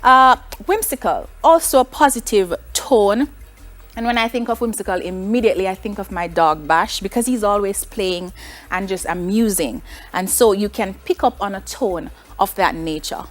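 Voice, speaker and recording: A woman with a Jamaican accent, a teacher giving a recorded online class, explaining in a clear, measured way and asking her students rhetorical questions. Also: mid-range voice.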